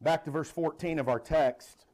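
A middle-aged male pastor preaching a sermon, animated and laughing now and then as he reads and explains scripture. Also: on the high side, normal speed.

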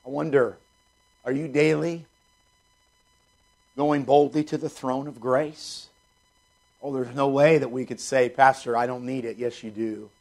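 A man's voice: mid-range voice, fairly even intonation, unhurried, vocal fry, long pauses, darkish tone. A male pastor preaching a sermon, reading scripture and repeating points with rhetorical questions.

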